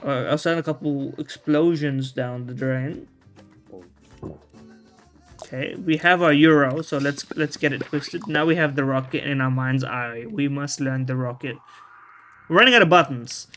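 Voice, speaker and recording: A man's voice: mid-range voice, measured pace, fairly bright tone. A man giving casual gameplay commentary, rambling and restarting his sentences, with loose slang and the odd swear word. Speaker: video game streamer. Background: faint game music.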